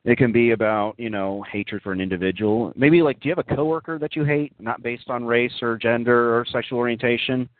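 A man's voice: medium pitch, brisk, few pauses, dry recording. A man hosting a casual call-in talk show, mocking and profane, rambling through many fillers, over a dry, tinny phone-line recording.

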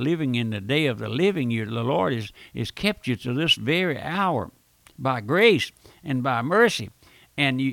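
An older man delivers a radio sermon, pleading and urgent as he calls on listeners. His voice is gravelly and sits a little high. The recording is dry and close, with no room sound. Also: fairly bright tone, no room sound. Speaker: radio preacher.

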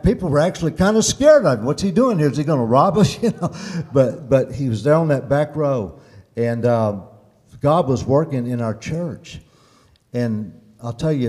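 Dark-voiced preacher in a hall. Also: male voice, medium pitch. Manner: animated preaching, swinging between loud emphasis and hushed tones. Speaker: pastor. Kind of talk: sermon storytelling. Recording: long reverb of a large hall.

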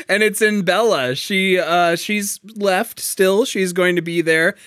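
A man with a notably high voice co-hosts a podcast, talking casually and eagerly about a play. He laughs often and trips over quick restarts. The recording is dry, with no room sound. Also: fairly bright tone, smooth, no echo. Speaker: podcast co-host discussing a play. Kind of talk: casual analytical chat.

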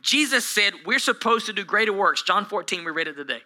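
A man in his forties preaches to a live congregation, his voice pitched high and very bright, almost sharp. He moves from hushed asides to shouted peaks and tells self-deprecating stories with a joking edge. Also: animated, fairly quick, poor audio. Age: 40s. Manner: humorous, self-deprecating storytelling. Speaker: pastor. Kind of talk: sermon. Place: church hall with a live congregation.

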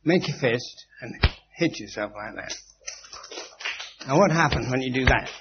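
A man of middle pitch gives an informal spiritual lecture to a group in a meeting room. His delivery is emphatic and instructive, with dry witty asides. The old tape sounds dull and carries a faint steady hum. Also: a little slow. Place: meeting room with a live audience.

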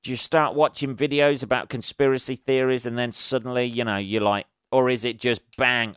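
A man's voice: medium pitch, fairly even intonation, moderate pace, few pauses, a bit bright, clean tone, no echo, clean studio sound. A man hosting a podcast alone, rambling in a casual, sweary, sarcastic way and laughing at his own jokes. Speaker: podcast host. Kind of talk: casual solo monologue.

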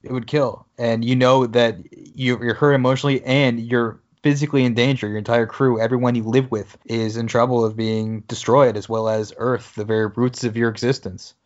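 A man in casual podcast chat, recapping and joking about what he watched. His voice sits at a middle pitch. The recording sounds dull and lo-fi. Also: level tone, moderate pace, hardly any pauses. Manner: recaps scenes by reading out dialogue, then jokes. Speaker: podcast co-host.

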